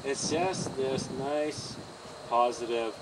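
A man training a horse outdoors by a trailer, coaching a student in an encouraging, animated way and often laughing. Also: mid-range voice, takes it slowly. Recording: distant outdoor mic with insect noise.

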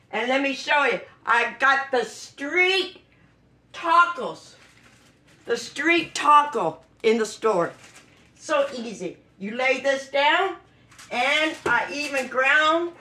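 A woman hosting her own cooking video, showing a home-made dish in a casual, exuberant way with frequent high whoops. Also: sharp tone, roomy sound. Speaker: cooking channel host.

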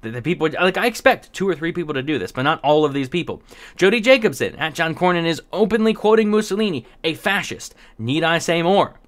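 A man's voice: fairly high pitch, lively intonation, brisk, a bit bright. A man giving casual political commentary, exasperated and sarcastic, stumbling over restarts and laughing in disbelief. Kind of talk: casual commentary reading tweets.

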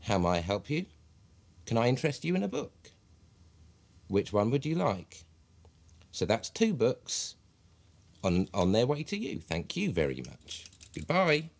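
An actor playing a stiff, self-important publisher who became a wooden amateur actor, giving a deadpan mock documentary interview. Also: male voice, mid-range voice, unhurried, gravelly, long pauses, full character voice. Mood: pompous. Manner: deadpan, pompous.

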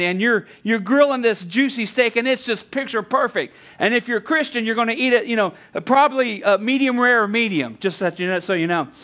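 Male pastor, very high voice, chatty sermon with asides. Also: a bit bright. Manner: conversational preaching with asides and repeated restarts.

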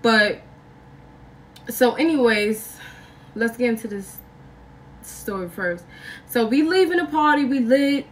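A young woman vlogger telling a story in a casual, slangy, animated way, acting out other people's lines. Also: a little high, takes it slowly, pauses often, distant mic, slight background noise. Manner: animated, slangy, acts out quotes with big jumps in voice.

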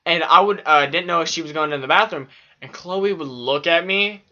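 Guy ranting stories, swears a ton, bright voice, kinda dull lo-fi sound. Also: fairly high pitch, normal speed. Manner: profane, rambling and animated. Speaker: vlogger. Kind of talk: casual storytelling.

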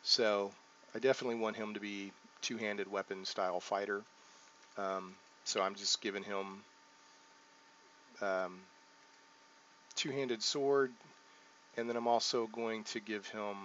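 A man with a lowish voice talks through a game's character setup in relaxed let's play commentary, thinking aloud, pausing on ums and correcting himself. The recording sounds dull and lo-fi, with a faint hiss underneath. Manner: thinks aloud while clicking through menus, frequent ums and self-corrections. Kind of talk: casual gameplay commentary.

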